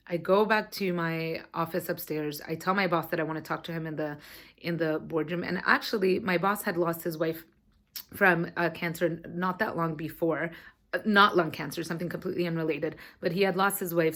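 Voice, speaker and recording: A woman in her thirties telling a personal story to her camera in a chatty, animated way, sometimes swearing. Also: fairly low pitch. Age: 30s. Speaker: vlogger.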